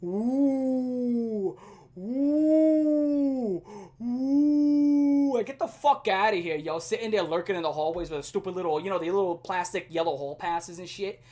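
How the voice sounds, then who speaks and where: A woman's voice: fairly low pitch, quick pace, hardly any pauses, darkish tone. A woman in her twenties telling a storytime rant in a casual, profane and self-mocking way.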